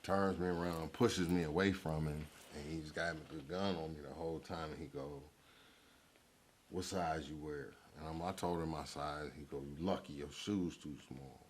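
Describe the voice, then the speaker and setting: With a rumbling low voice at a moderate pace, a middle-aged guest recounts his life on a therapy-style talk show, slangy, profane and animated as he performs other people's lines. There's slight background noise.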